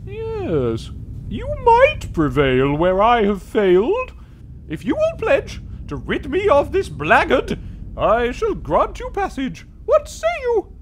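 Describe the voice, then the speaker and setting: Wrathful ghost guardian of a crypt, very high and swooping, grand and booming, put on by a man reading a game aloud. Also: wildly swooping pitch, slight background noise, heavily acted. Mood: grave. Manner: booming, pompous, drawn-out proclamations. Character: wrathful male guardian spirit of a tomb.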